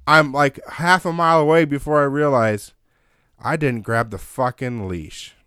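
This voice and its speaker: A man telling a long story in casual chat, animated and swearing constantly. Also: mid-range voice, unhurried, smooth, no echo, clean studio sound.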